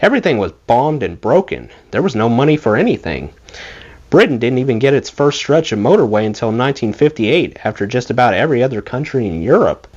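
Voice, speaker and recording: Guy reading a memoir out loud, bouncy animated voice, bit muffled lo-fi. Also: mid-range voice, brisk. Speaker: audiobook reader. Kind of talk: memoir read-aloud. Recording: dull lo-fi recording.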